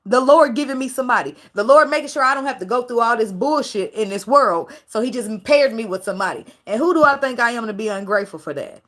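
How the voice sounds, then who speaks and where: A woman's voice: fairly high pitch, lively intonation, quick pace, hardly any pauses, a bit bright. A woman tarot reader talking casually to her viewers, preachy and profane, and emotional about her faith. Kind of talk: casual tarot reading monologue.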